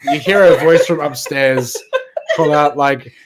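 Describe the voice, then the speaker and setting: A man running a tabletop game as game master, narrating in a halting way full of fillers and laughs. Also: on the high side, heavy background noise.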